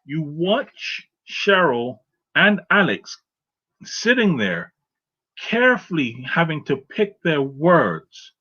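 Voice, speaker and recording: A man's voice: on the high side, sing-song, slow, pushed and bright. A man co-hosting a casual opinion chat, emphatic, often checking in with "right?". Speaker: podcast co-host. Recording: dull lo-fi sound.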